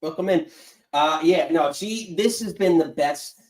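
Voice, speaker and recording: A man's voice: a little high, a little slow, a little mellow. A man hosting a live wrestling call-in show, answering in a laid-back way with short replies. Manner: laid-back, brief replies, welcomes callers. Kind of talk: casual chat.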